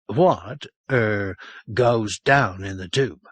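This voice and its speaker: A man's voice: on the low side, very slow, no room sound. A man playing a weary, patient police sergeant. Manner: dry, patiently teasing.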